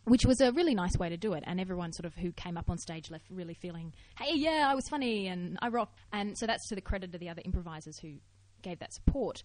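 A woman with an Australian accent chatting casually on a podcast, telling animated stories and breaking into loud laughing asides. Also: lowish voice, fast, hardly any pauses, no room sound, poor audio. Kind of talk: casual chat.

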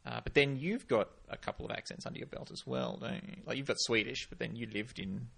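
Man, podcast co-host, gravelly low rasp, casual and playful. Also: quick pace, fairly bright tone. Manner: chatty, slips into playful accent impressions. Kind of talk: casual chat.

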